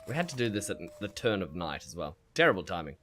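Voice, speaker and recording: Low-voiced and quick, a man streams himself in a survival game, reading chat aloud and animatedly narrating fights between bursts of laughter and self-talk. There's slight background noise.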